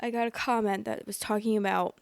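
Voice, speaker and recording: A woman's voice: medium pitch, flat delivery, a little fast, vocal fry, smooth, no echo. A woman hosting a story podcast, chatting casually and reading stories aloud, rambling and apologetic with lots of fillers, sometimes yawning as she talks, close to the microphone. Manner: often yawns while talking.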